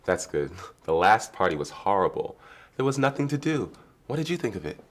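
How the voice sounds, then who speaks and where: A man acting in a scripted learner dialogue as a relaxed, somewhat hesitant coworker. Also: fairly low pitch, fairly quick. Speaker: office worker in a lesson video.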